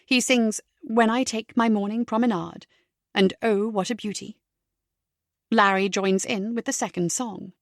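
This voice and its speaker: A woman narrating a mystery audiobook, measured and steady in her storytelling. Her voice has a gravelly edge. The sound is dry and close to the mic. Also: medium pitch, no room sound. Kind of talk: scripted narration.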